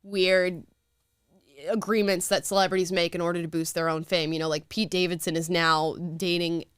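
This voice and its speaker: A young woman hosting a live talk show in a casual, animated way, quick with asides and often laughing. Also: lowish voice, clean tone, no echo, clean studio sound. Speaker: show host.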